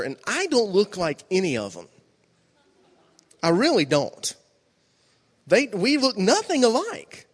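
Animated preacher man in a reverberant hall. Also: husky. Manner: animated storytelling, acting out voices with big pitch jumps. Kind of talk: sermon with jokes. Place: large hall before a congregation.

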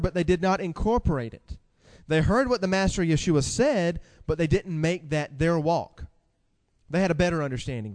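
A man's voice: a little high, in a large hall. A man preaching a sermon, quoting scripture with emphasis and repeating key words.

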